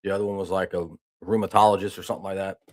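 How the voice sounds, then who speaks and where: A man's voice: low voice, flat delivery, rapid-fire, darkish tone. A man hosting a news talk stream, telling a rambling folksy story and reading news aloud in a casual way. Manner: rambling, folksy, with restarts and "I mean".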